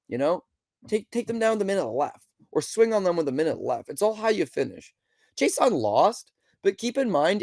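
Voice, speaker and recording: Guy ranting thru a fight recap on his podcast, swears a lot, keeps asking why, kinda high voice, dry close sound. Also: gravelly, a little mellow, no echo. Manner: blunt, exasperated, swears freely; rhetorical questions, mimics people mid-rant. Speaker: podcast host. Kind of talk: solo fight recap commentary.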